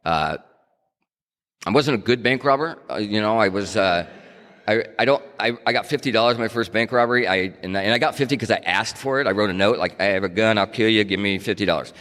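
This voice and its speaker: A man's voice: sits low, a bit bright. A man telling his own recovery story in a candid, wry, self-mocking way, like a speaker at a meeting. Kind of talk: casual storytelling talk. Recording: hall reverb.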